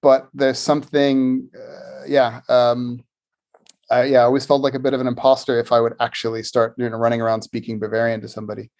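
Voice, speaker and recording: Halting man with a Philadelphia accent. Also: mid-range voice, flat delivery, darkish tone. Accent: Philadelphia American. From Philadelphia area, United States. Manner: thoughtful, halting, many fillers. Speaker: guest. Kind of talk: casual podcast conversation.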